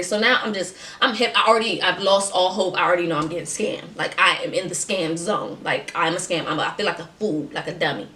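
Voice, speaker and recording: A woman's voice: on the low side, quick pace, hardly any pauses, distant mic. Sassy young woman in an echoey room. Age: 20s. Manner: animated, sassy, slangy. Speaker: vlogger. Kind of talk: casual storytime vlog. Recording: roomy, off-mic.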